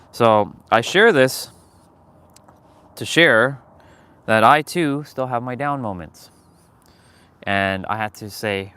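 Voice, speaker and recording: A man's voice: mid-range voice, unhurried, pauses often, bright, forceful tone, clean tone. A man hosting his own livestream, talking candidly and emotionally about his feelings, swearing and rambling with restarts. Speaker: livestream host. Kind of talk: casual confessional livestream talk.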